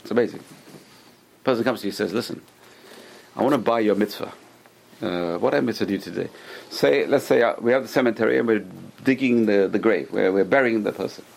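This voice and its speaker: Teaching a Torah class amid a noisy background, this man speaks fairly quickly in a low, creaky voice. He brings his stories to life by acting out the characters, frequently repeating himself and starting phrases over.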